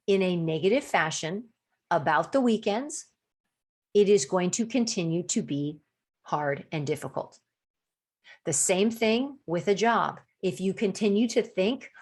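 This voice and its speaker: A woman hosting a solo podcast as a coach, talking casually with many restarts and acting out quoted thoughts. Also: mid-range voice. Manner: chatty, acts out quoted inner voices with restarts.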